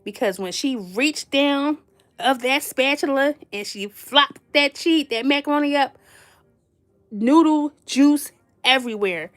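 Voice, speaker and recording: A woman's voice: high voice, a little slow, fairly bright tone. A woman telling a funny personal story in a casual, slangy way, laughing often and teasing playfully. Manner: slangy, chatty, addresses listeners directly.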